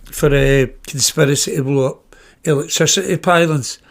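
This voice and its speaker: A man's voice: fairly high pitch, normal speed, gravelly. A middle-aged man with a Glaswegian Scottish accent, telling personal stories on his podcast in a blunt, swearing way and acting out the dialogue. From Glasgow, Scotland. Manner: blunt, swears freely, acts out quoted dialogue. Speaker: podcast host. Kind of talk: personal anecdote storytelling.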